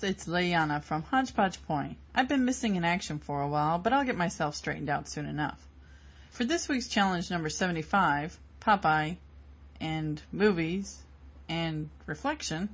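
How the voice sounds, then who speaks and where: Chatty husky woman. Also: fairly low pitch, highs cut off. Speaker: podcast contributor. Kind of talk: introducing a story entry.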